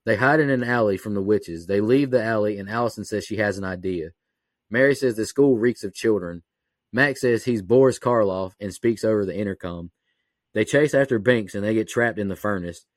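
A man co-hosting a podcast, reading a scene-by-scene plot recap in a steady, matter-of-fact way. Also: fairly low pitch, fairly quick, no room sound, clean studio sound. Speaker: podcast co-host.

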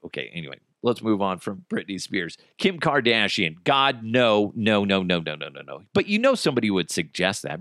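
A man's voice: on the low side, very animated, moderate pace, fairly bright tone, no room sound, studio quality. An American man hosting a podcast, chatting in a casual, jokey and profane rant. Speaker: podcast host.

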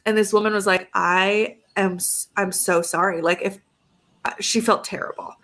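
A woman's voice: mid-range voice, moderate pace. Young woman telling a story, acting out calls. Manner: animated, acts out both sides of phone calls. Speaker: podcast co-host. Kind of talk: casual storytelling chat.

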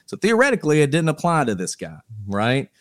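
A man giving measured legal analysis on a podcast panel, thinking aloud with small restarts. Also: a little high, huge pitch swings, no room sound, studio quality. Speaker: attorney guest.

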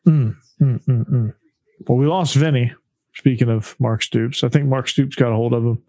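A man hosting a casual sports chat, playful and quick to laugh. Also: medium pitch, steady tone, dark tone, no echo, low-quality recording.

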